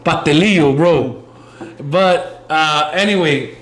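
A man's voice: a little high, slow pace, a bit bright, slight background noise. A man hosting a podcast in casual chat, joking and rambling, laughing between his words. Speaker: podcast host.

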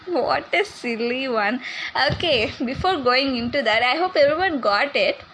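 A woman's voice: high-pitched, lively intonation, unhurried, a bit bright, a little hiss or hum, rough recording. A young woman hosting a casual podcast, chatty and teasing, laughing often. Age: young adult. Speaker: podcast host.

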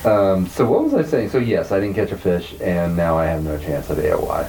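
A man with a very deep, low voice chatting casually as a podcast co-host. He rambles along, poking fun at himself, with a faint hiss behind him. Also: animated, fairly quick, gravelly, darkish tone, poor audio. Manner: self-deprecating, rambling storyteller. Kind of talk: casual chat.

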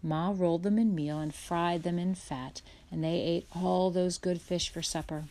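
A woman narrating a children's chapter book aloud in a gentle, unhurried way. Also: lowish voice, steady tone. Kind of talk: storybook read-aloud.

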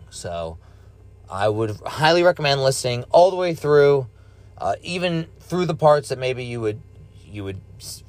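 A man in his thirties hosting a podcast alone, rambling casually and swearing freely. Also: medium pitch. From United States. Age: 30s. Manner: rambling, profane, laid-back. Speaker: podcast host. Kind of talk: casual solo podcast monologue.

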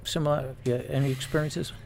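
A man and former police officer telling stories in casual chat, animated and laughing as he goes. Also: mid-range voice, brisk, gravelly, a little hiss or hum. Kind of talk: casual storytelling.

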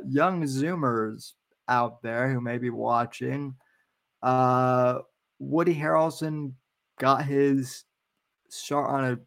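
A podcast host giving casual, sarcastic commentary on a clip, halting often with fillers. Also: male voice, mid-range voice.

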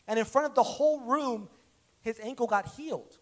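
Male preacher, unusually high voice, animated storyteller, conversational sermon. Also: moderate pace. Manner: animated, acts out dialogue in stories.

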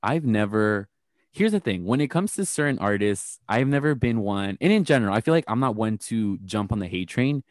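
A man's voice: fairly low pitch, expressive, fairly quick, dry recording, studio quality. A man co-hosting a podcast, chatting casually and bluntly with lots of swearing and rambling fillers. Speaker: podcast co-host. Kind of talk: casual chat.

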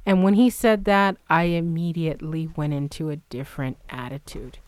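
Smooth-voiced woman telling a heated story. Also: deep voice, moderate pace, few pauses, no echo. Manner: heated, profane, animated retelling. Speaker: podcast co-host. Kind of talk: casual storytelling chat.

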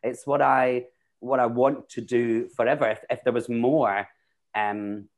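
A man's voice: medium pitch, fairly even intonation, a little slow. Chatty Scottish man telling stories. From Scotland. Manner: chatty, rambling, with frequent restarts. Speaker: guest, drag queen and actor. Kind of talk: casual chat.

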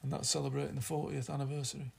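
A podcast co-host with a Yorkshire accent fires off casual, teasing, rambling chat at a rapid clip. His medium-pitched voice is level, husky, a little mellow and marked by vocal fry.

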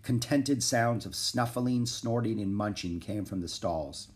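A man's voice: on the low side, a little slow. Man reading a children's story. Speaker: audiobook reader.

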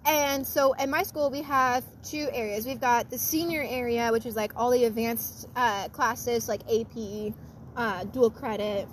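A woman's voice: on the high side, measured pace, low-quality recording. A teenage girl co-hosting a casual podcast, giggling often as she tells stories about school. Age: teens. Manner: giggly, chatty storyteller. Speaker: podcast co-host. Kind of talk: casual chat. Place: car in a parking lot at night. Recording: faint traffic noise in a parking lot.

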